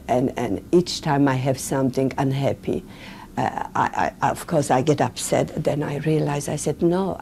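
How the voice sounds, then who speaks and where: Older woman with a low, mellow voice. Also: vocal fry, a little hiss or hum. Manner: halting, with many fillers and restarts. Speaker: interviewee, Holocaust survivor. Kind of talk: recorded oral history interview.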